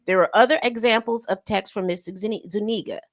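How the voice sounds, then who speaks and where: A woman co-hosting a casual commentary stream, reading statements aloud and leaping high in pitch when incredulous. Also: no room sound, studio quality. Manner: reads statements aloud with pauses. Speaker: co-host. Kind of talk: casual commentary on a news story. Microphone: streaming setup mic.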